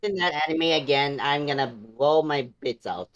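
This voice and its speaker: A young man co-hosting a casual online chat, sounding sheepish and apologetic, often halting. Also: a little high, fairly bright tone. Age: young adult. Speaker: co-host.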